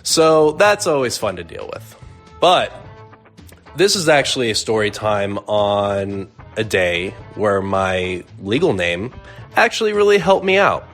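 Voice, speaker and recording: A young man from Arizona telling a personal story in a relaxed, conversational way with lots of fillers. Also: fairly low pitch, a little slow, faint music behind. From Arizona, USA. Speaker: storyteller guest. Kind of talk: casual storytelling.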